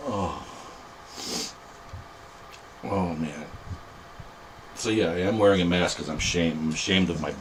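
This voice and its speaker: A man's voice: deep voice, fairly even intonation, unhurried, long pauses, a little hiss or hum. A middle-aged man hosting a podcast in casual, rambling, self-mocking chat. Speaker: podcast host.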